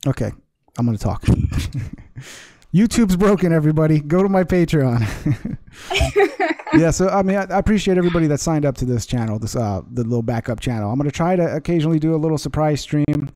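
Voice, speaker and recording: A man's voice: on the high side, expressive, fairly quick, warm tone, no echo. A man hosting a casual live stream, rambling and laughing often while reading chat comments aloud. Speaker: livestream host.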